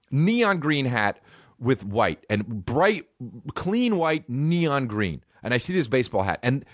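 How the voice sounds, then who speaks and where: Podcast host, male, forties: rambling profane storyteller, very lively pitch, dry close mic. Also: dry recording. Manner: rambling, profane, jumps between tangents. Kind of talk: solo comedic podcast rant.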